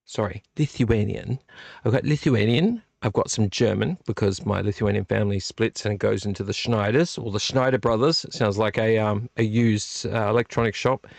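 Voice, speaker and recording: A man's voice: on the low side, normal speed, gravelly, few pauses, no room sound. Tipsy rambling man on a live stream. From Australia. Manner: rambling, digressive, talking to chat. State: tipsy from drinking. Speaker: vlog host. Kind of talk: live late-night chat stream.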